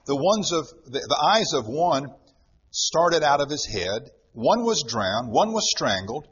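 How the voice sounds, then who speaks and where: A man's voice: a little high, sing-song, unhurried, fairly bright tone, breathy edge. A man preaching a sermon dramatically, repeating words for emphasis, recorded in a church. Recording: dull lo-fi sound with long hall reverb.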